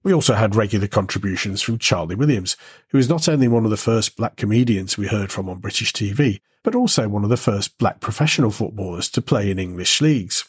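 Very husky-voiced male narrator. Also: lowish voice, animated. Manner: measured, storytelling delivery with rhetorical questions. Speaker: host and narrator. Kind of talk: scripted narration.

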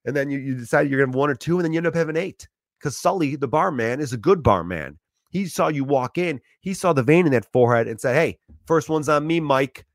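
A man in his thirties talking in a loose, rambling monologue, telling animated stories with restarts and swearing. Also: medium pitch, fast talker, no room sound, clean studio sound.

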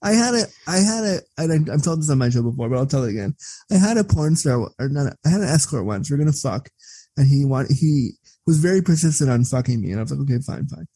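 A man talking as an interview guest, blunt and profane, telling stories in a candid, animated way. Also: fairly high pitch, fast, slightly rough, dry recording. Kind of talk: candid conversational storytelling.

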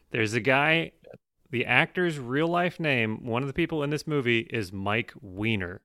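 A man adds wry, matter-of-fact remarks to a casual chat. His voice is bright and tense, recorded dry and close with no room echo. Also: mid-range voice, animated, unhurried.

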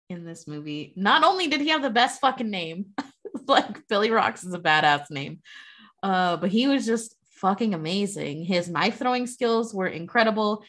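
A woman at a medium pitch gushes about a film in casual podcast chat. She swears for emphasis and talks with plain enthusiasm. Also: a bit bright. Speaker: podcast co-host.

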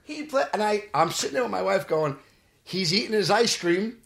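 A man's voice: sits high, moderate pace, creaky. A man with a Brooklyn accent, an actor telling stories in a casual podcast interview and acting out the dialogue. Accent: Brooklyn New York. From Brooklyn, New York. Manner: animated, acts out quoted dialogue. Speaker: actor guest. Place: podcast studio. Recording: roomy studio echo.

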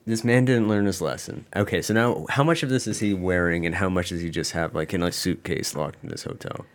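A man co-hosting a casual podcast, joking around and tossing out questions. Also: low voice. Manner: joking, asks quick questions. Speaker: podcast co-host.

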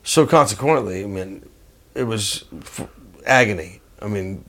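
An older man and guest musician telling animated, profane stories in a rambling way, full of restarts. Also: fairly low pitch, unhurried. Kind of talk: casual storytelling.

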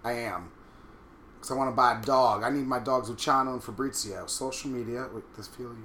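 A man in his thirties from Long Island, New York, with a Long Island accent, cracks crude, playful, campy jokes in casual chat as he signs up for a website as host. His mid-range voice is fairly even in intonation, a little fast, and sharp-toned, heard in an echoey room with slight background noise.

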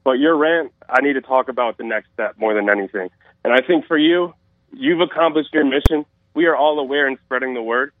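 A man calling in to a radio show, speaking excitedly and gushing with praise. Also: medium pitch, a little fast, no room sound. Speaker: caller. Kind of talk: call-in talk. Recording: dry phone-line call.

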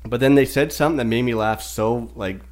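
A man's voice: mid-range voice, brisk, darkish tone. A man, co-hosting a podcast and telling stories in casual chat, acting out people he overheard. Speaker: podcast co-host.

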